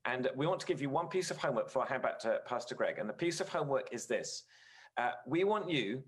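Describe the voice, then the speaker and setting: A man's voice: medium pitch, expressive, fast. Earnest man preaching conversationally. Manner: earnest, storytelling with frequent filler words. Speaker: guest speaker at a church. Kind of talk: conversational sermon.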